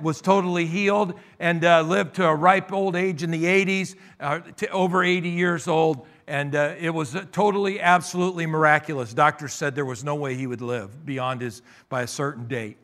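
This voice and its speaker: A male pastor preaching a sermon, calling out for amens and moving between loud emphatic bursts and quieter asides. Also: a little high, normal speed, few pauses.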